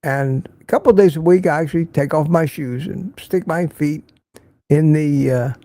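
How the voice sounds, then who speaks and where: A man's voice: a little high, normal speed, warm tone, no room sound. An older man hosting a casual livestream, reading viewer comments and giving blunt, opinionated remarks that he often repeats for emphasis. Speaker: livestream host.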